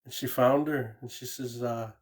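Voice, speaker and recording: Guy on a live stream telling a creepy family story, loose and rambly, repeats himself a lot, mid pitch. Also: steady tone, moderate pace. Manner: rambling, repeats words, frequent "you know". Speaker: caller sharing a ghost story. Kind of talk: casual spoken storytelling.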